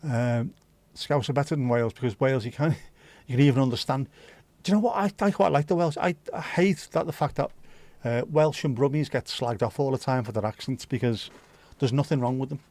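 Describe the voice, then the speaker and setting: A man's voice: medium pitch, a little fast, darkish tone, no echo. A man hosting a livestream, chatting casually and answering viewer comments in a blunt, opinionated way, swearing freely. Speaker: livestream host.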